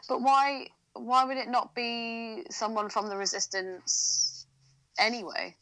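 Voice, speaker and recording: A woman's voice: a little high, little pitch movement, slow, fairly bright tone, low-quality recording. Chatty woman podcast co-host. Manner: chatty, laughs often, uses slang. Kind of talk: casual chat.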